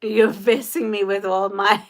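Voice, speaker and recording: A woman's voice: medium pitch, flat delivery, measured pace. A woman from the United States hosting a quilting live stream, chatting casually with viewers, laughing often.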